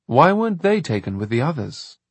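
A man voicing a calm, thoughtful grown man who reasons things out, in an audiobook. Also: a little high, brisk, breathy edge, no echo, heavily acted. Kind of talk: audiobook narration.

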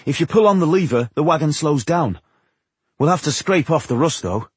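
A male narrator voicing a calm, knowledgeable male dwarf scholar who explains things patiently. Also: fairly high pitch, moderate pace, breathy edge, dry recording, voice pushed up. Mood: enthusiastic. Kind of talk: audiobook character voice.

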